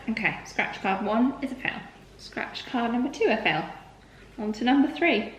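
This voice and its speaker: A woman's voice: fairly high pitch, very animated, moderate pace, echoey room, a little hiss or hum, low-quality recording. A woman chatting casually to camera as a lifestyle vlogger, laughing at herself now and then.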